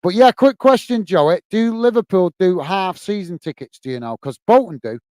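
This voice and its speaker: A man from England, his voice sitting high with a darkish tone, sounds animated at a normal speed as he hosts a live football watch-along from home. Commentating and chatting with viewers, he laughs often, with no echo.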